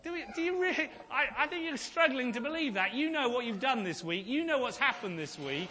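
A man preaching a sermon as pastor, swinging between hushed, slow emphasis and shouted declarations. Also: very high voice, very animated.

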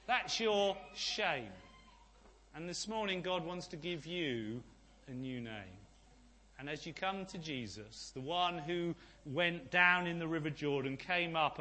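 A man preaching a sermon as pastor, swinging between hushed, slow emphasis and shouted declarations. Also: high-pitched.

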